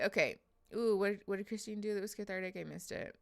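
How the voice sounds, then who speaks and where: A woman's voice: medium pitch, moderate pace, vocal fry. A woman hosting a casual livestream, chatty and emotional, reading viewers' names aloud with frequent laughs. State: teary after crying. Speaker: livestream host.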